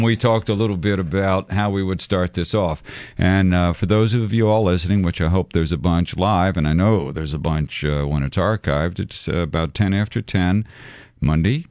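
A man's voice: sits low, normal speed, darkish tone, no room sound. A man hosting a live call-in radio talk show, joking and rambling with many fillers. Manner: jokey, rambling, lots of fillers.

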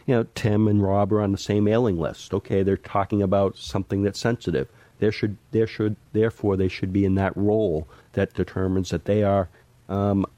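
A man speaks on a discussion panel in a very low, mellow voice. He lays out his points methodically, like an industry expert. The sound is dry and close. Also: dry recording.

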